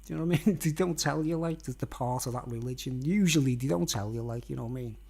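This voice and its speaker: A man's voice: mid-range voice, fast, creaky, darkish tone, husky. A middle-aged man, talking to camera in a meandering monologue that keeps circling back with "you know what I mean". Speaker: vlogger.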